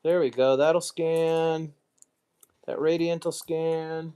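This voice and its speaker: A man hosting a casual live stream, muttering to himself while sorting items and throwing quick asides to the chat. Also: a little high, steady tone, mellow, clear, resonant tone.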